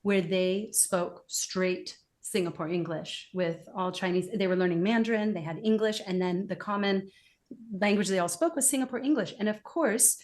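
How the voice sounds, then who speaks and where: A woman who is a guest expert in a casual interview, telling stories in an expressive, emphatic way. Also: medium pitch, moderate pace.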